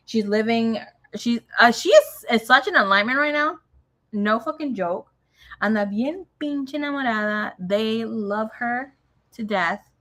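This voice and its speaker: A woman's voice: medium pitch, fairly bright tone. A young woman giving a casual tarot reading, chatty and swearing freely, with Spanish phrases dropped into her talk. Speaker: tarot reader.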